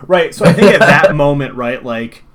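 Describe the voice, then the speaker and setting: Guy running a tabletop rpg, super lively delivery, kinda rambly. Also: fairly high pitch, normal speed. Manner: casual, rambling, lots of fillers. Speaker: game master. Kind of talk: running a tabletop role-playing game.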